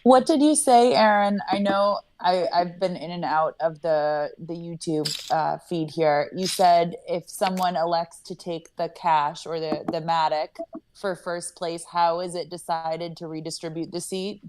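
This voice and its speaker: A woman on a poker stream asks a question, stopping and restarting as she goes. Her voice sits lower than most women's. She sounds a bit distant, with faint noise behind her. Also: fairly even intonation, measured pace, darkish tone. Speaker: stream participant. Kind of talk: casual chat.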